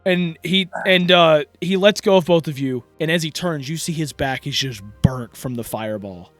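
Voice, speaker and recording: A man's voice: a little high, moderate pace, fairly bright tone, no echo, soft background music. A man narrating as dungeon master in a rambling way, full of fillers. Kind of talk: narrating a tabletop game.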